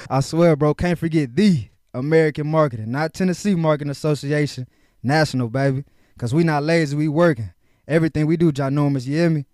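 A man's voice: on the high side, fairly quick, darkish tone, no echo, studio quality. A young man from Houston hosting a casual podcast, talking in hype, slangy, upbeat bursts. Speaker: podcast host.

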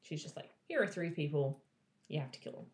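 A woman's voice: sits low, lively intonation, fairly quick, reverberant. A woman casually retelling a book's plot to a friend, swearing freely and acting out the characters' lines. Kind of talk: casual chat.

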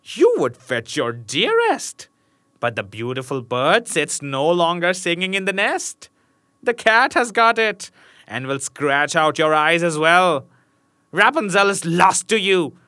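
A man voicing a cruel, mocking old witch in a fairy tale, his voice pushed far up into a shrill shriek. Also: big pitch swings, measured pace, a bit bright, no echo, clean studio sound, heavily acted. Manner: shrieking, scornful.

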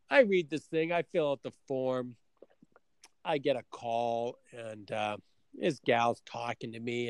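A man's voice: mid-range voice, darkish tone, clear, resonant tone, no room sound. A middle-aged man from Canada telling a story in casual chat, acting out both sides of his conversations.

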